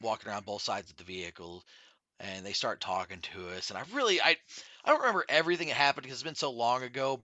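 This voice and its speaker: A man, a podcast guest, telling a long story in a casual, animated and very profane way. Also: medium pitch, no room sound, lo-fi sound. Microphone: studio podcast mic.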